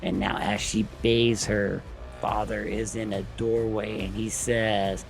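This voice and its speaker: Slow gravelly male recap narrator. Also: lowish voice, little pitch movement, soft background music. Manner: plain step-by-step retelling. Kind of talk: film plot recap narration.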